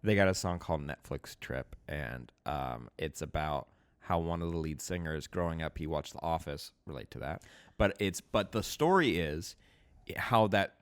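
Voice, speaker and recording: A man co-hosts a casual podcast chat in a low voice that still swings widely in pitch. He is easygoing and laughs often, and he answers with short agreeing replies. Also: animated, normal speed, clear, resonant tone. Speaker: podcast co-host.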